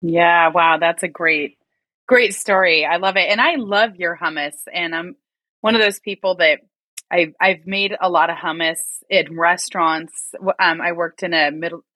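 A woman's voice: lowish voice, normal speed, bright, forceful tone, dry recording. A woman from rural Oregon hosting an interview, enthusiastic and effusive with frequent laughs. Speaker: interview host. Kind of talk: conversational interview.

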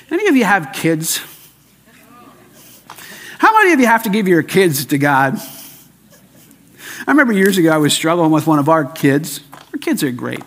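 An older man preaching a sermon as pastor, emphatic, swinging between loud and hushed. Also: on the high side. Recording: long hall reverb.

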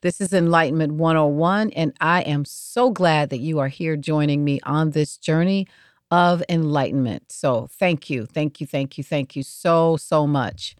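A woman hosting an inspirational podcast, speaking slowly and repeating words for emphasis. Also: low-pitched, clear, resonant tone, no echo, studio quality. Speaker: podcast host.

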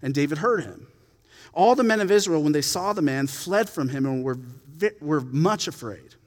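Male Bible teacher, higher-pitched, reads scripture then riffs casually; hall echo. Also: lively intonation, moderate pace. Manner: chatty, laughing asides, lots of "like". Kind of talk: scripture reading and casual commentary. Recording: long hall reverb.

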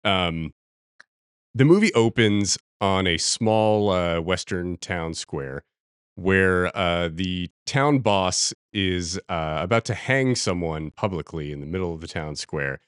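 A man with a very low voice talks through a movie he watched, in a loose, rambling way, with the dry, close sound of a podcast mic. He keeps laughing at the scenes he describes. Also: takes it slowly, smooth, no room sound. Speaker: podcast co-host. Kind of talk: casual film review chat.

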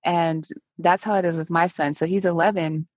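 A woman's voice: lowish voice, fairly even intonation, normal speed, no echo, clean studio sound. A woman hosting a casual interview over a call, talking animatedly and acting out quoted dialogue. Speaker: podcast host. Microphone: remote call recording.

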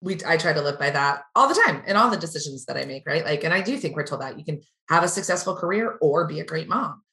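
A woman in her thirties, telling stories in casual chat, candid and animated, acting out quotes. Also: deep voice, quick pace, roomy sound.

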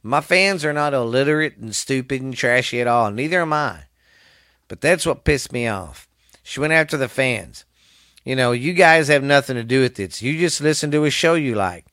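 A man's voice: medium pitch, lively intonation, normal speed, a bit bright, no echo, studio quality. A middle-aged man with a Southern US accent hosting his own podcast alone, rambling in a profane, fired-up drawl. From American South. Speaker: podcast host. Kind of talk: casual solo podcast rant.

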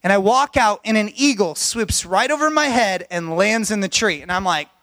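A man's voice: sits high, animated, normal speed, pushed and bright, no room sound. A middle-aged man, a pastor, telling personal stories in a sermon in an earnest, heartfelt way.

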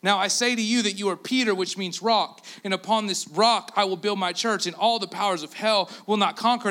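Bright-voiced animated pastor, a man. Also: sits high. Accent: Canadian. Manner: animated storytelling, acting out quotes; drops to a near-whisper for emphasis. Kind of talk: sermon.

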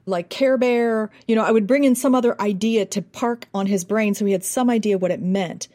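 A woman's voice: medium pitch, fairly quick. An American woman, a dialect coach, telling stories in an interview and acting out accents as she goes. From United States. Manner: animated, demonstrates accents and sounds. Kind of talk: interview guest, casual storytelling.

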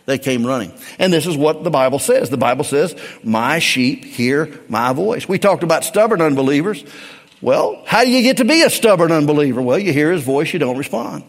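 A middle-aged man, a pastor, preaching a sermon with emphatic swings between raised and hushed delivery. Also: a little high, lively intonation, brisk, big-room sound.

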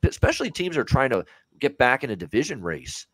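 A man's voice: medium pitch, sing-song, fast talker, fairly bright tone, breathy edge, no echo. A man co-hosting a sports betting podcast, ranting in heated, casual talk and swearing freely.

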